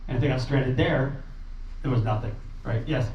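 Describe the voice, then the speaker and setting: At a normal speed and in a mid-range voice, a man tells a meeting audience about a refugee relief trip. The informal talk is heartfelt and rambling, marked by fillers and restarts. It was recorded in a meeting room, and the sound is roomy, distant and dull with faint noise.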